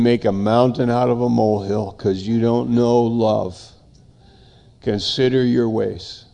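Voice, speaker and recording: A man's voice: mid-range voice, fairly even intonation, a little slow, vocal fry, dark tone. An older man preaching a sermon, emphatic and given to repeating phrases in long lists.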